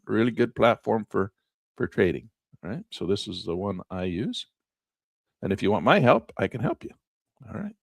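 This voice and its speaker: A man's voice: lowish voice, vocal fry, dry recording, clean studio sound. A man teaching a screen-share trading lesson in a folksy, chatty way, often repeating himself. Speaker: trading instructor.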